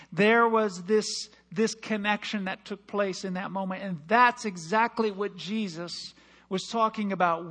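A man preaching a sermon in church, telling a personal story with passion and dropping from loud to hushed. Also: high voice, fairly even intonation, a little slow, creaky. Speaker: pastor.

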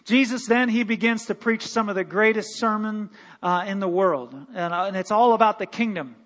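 Male pastor, high voice, animated sermon delivery, long hall reverb. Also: moderate pace. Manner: animated preaching with laughs and quoted voices. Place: church sanctuary.

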